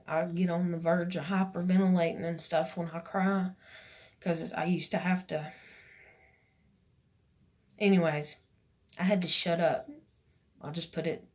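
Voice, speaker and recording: A woman, telling a personal story to camera in a rambling, emotional way with many fillers. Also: lowish voice. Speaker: vlogger.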